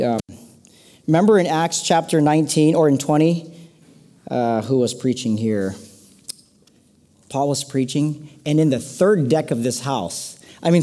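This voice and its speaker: A male pastor preaching to a congregation in a relaxed, conversational way. His voice is mellow and warm, and he slips playful asides into the sermon. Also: medium pitch.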